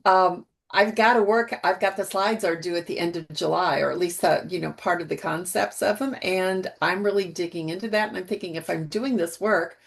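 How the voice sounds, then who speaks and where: A woman taking part in a coaching call, talking excitedly about her plans. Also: lowish voice, a little fast, creaky, few pauses. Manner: excited, talkative. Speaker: workshop participant. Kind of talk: casual chat on a video call.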